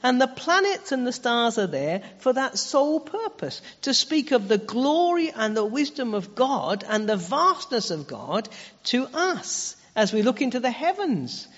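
A man's voice: very high-pitched, very animated, unhurried, fairly bright tone. A man preaching a sermon, explaining earnestly and posing rhetorical questions. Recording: dull lo-fi audio with long hall reverb.

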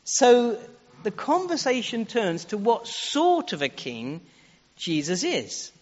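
High-voiced earnest male preacher. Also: huge pitch swings, takes it slowly. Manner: earnest, uses rhetorical questions, shifts pace for emphasis. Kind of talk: sermon. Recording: echoey hall, dull lo-fi sound.

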